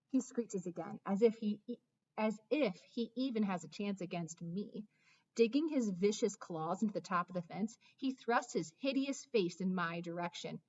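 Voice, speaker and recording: A woman narrating a children's story in the first person, expressive, with dramatic hushes and excited rises. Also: mid-range voice, moderate pace, lo-fi sound. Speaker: audiobook narrator.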